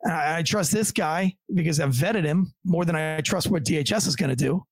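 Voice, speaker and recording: A man's voice: on the high side, fairly quick, gravelly, no echo. A man who works as a police officer, telling a long story in casual, profane talk and acting out the lines of the people in it. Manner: profane, acts out the voices of others in his stories.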